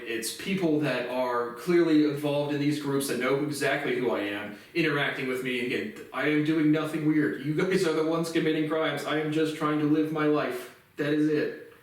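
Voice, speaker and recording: Agitated male vlogger, profane and repetitive, recorded distant in a boomy room. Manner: agitated, profane, repeats "literally". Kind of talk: ranting monologue to camera. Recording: echoey room, speaker far from mic.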